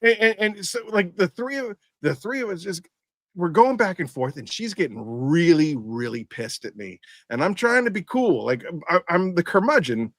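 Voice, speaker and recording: A man's voice: high voice, sing-song, normal speed, dry recording, clean studio sound. A man hosting a podcast, telling a story in a rambling, stubborn rant full of restarts. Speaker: podcast host. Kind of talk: casual storytelling.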